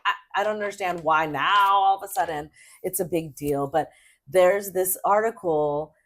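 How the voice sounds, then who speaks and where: A middle-aged woman co-hosting a casual sports podcast, chatty and emphatic, rambling with quick restarts. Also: fairly low pitch, a bit bright. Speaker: podcast co-host.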